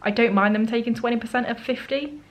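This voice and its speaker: A woman's voice: a little high, steady tone, fast, rough recording. A woman vlogging on a solo trip, chatting casually to the camera and acting out what people said to her. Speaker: travel vlogger. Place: holiday rental flat.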